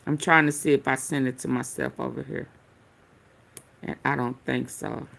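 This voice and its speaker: Her pitch is extremely low and her tone steady, gravelly yet a bit bright, delivered at normal speed. She's a casual commentary host who chats straight to viewers, cursing while hunting for clips to react to.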